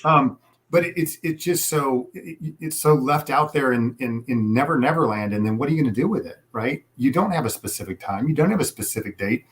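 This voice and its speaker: A man's voice: medium pitch, expressive, a little fast. Emphatic male sales coach. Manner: emphatic, repeats key advice, acts out customer quotes. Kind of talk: conversational interview advice.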